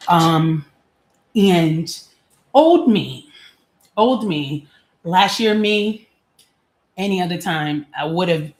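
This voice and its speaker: A woman in her forties talking candidly and chattily about her feelings, with casual slang and frequent laughs. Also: on the low side. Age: 40s. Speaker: vlogger. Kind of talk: personal reflective monologue. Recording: echoey room.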